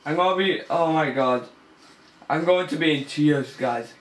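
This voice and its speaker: A man's voice: a little high, unhurried, reverberant. A young man commentating a horror game as he plays, nervous and easily scared, swearing and laughing. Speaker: gamer. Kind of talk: let's play commentary.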